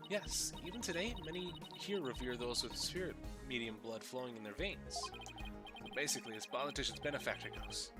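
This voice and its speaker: A helpful, formal village local, read by a man in his own voice. His pitch sits in the middle. Loud game music plays under him. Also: brisk, natural voice. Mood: polite. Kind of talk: reading game dialogue aloud.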